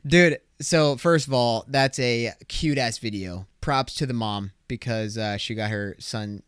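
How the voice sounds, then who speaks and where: A man's voice: mid-range voice, measured pace, smooth, no room sound, studio quality. A man hosting his own podcast, chatting casually and reacting to clips, cursing a lot and acting out exaggerated imagined conversations. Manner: animated, swearing, acts out exaggerated imagined dialogue. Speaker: podcast host.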